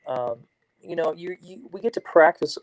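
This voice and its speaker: A man co-hosting a casual chat, relaxed as he tells a story and acts out both sides of a conversation. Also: fairly high pitch, normal speed, no room sound, poor audio. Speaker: co-host.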